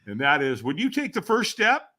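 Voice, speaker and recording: A man as a podcast guest, telling a personal story in an animated way, acting out other people's voices and asking the listener rhetorical questions. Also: a little high, moderate pace. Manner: animated, acts out quoted voices with sudden shouts.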